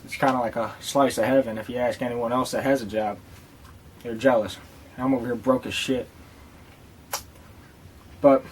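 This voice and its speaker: A man's voice: medium pitch, slight background noise. A man rambling through a casual vlog story and product review, swearing freely and joking as he goes. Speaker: tobacco dip reviewer.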